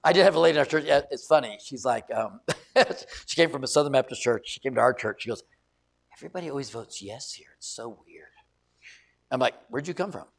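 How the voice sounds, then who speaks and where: A middle-aged male pastor preaching a sermon, telling stories with loud emphasis and quiet asides. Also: medium pitch, fast talker, gravelly. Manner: animated storytelling, shifts between loud emphasis and quiet asides.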